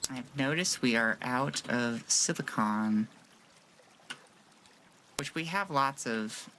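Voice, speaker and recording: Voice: medium pitch, slow, fairly bright tone, slight background noise. A streamer from rural Washington with a Seattle accent, chatting casually while playing a game and answering chat. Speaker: gaming streamer.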